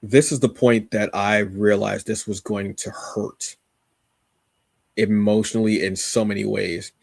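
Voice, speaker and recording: A man's voice: on the low side, level tone, measured pace, creaky, no room sound, studio quality. A man co-hosting a podcast, casually reviewing a comic with rambling enthusiasm, many fillers and restarts.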